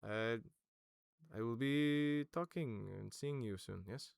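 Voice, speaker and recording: A man voicing a solemn young crown prince who speaks formally and quietly. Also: takes it slowly, vocal fry, clear, resonant tone, no echo, studio quality. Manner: low, quiet, formal speech.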